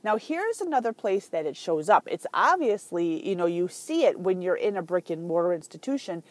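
A woman hosting a podcast, telling a story in a chatty, animated way with lots of fillers. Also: lowish voice, normal speed, dry recording. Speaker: podcast host. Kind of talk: casual podcast monologue.

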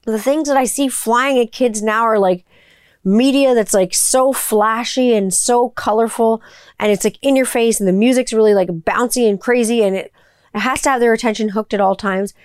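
A woman's voice: a little high, moderate pace, a little mellow, smooth, no room sound, studio quality. A woman in her forties, chatting casually as a podcast host, rambling through stories and swearing freely. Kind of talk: casual chat.

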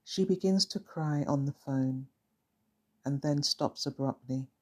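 Slow, husky storyteller. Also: medium pitch. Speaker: narrator. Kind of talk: first-person story narration.

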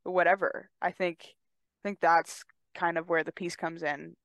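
A woman's voice: fairly low pitch, flat delivery, measured pace, vocal fry, no echo, dull audio. Candid woman with a dry, close sound. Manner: candid and reflective, swears casually. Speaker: podcast co-host and athlete. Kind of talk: casual chat.

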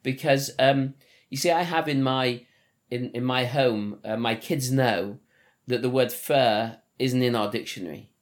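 A man's voice: medium pitch, unhurried. A man with a Liverpool accent, a podcast host and father, talking in a thoughtful, casual way with many restarts. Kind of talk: casual conversation.

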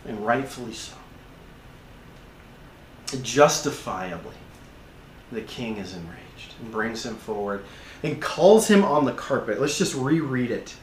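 A man's voice: mid-range voice, expressive, a little slow, pauses often, roomy sound, slight background noise. A man preaching a sermon, telling the story vividly with frequent restarts, in a church. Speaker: pastor.

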